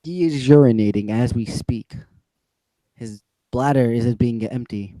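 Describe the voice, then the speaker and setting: A man's voice: mid-range voice, measured pace, dark tone, no echo. A man co-hosting a casual livestream chat, laid-back and self-deprecating. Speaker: co-host.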